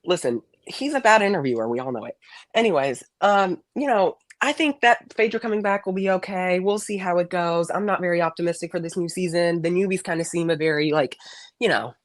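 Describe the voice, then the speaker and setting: A man's voice: high voice, a little fast, no room sound. A man calling in to a live stream, chatting casually and gossiping with sassy, emphatic jokes. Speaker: caller. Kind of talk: casual chat as a call-in guest.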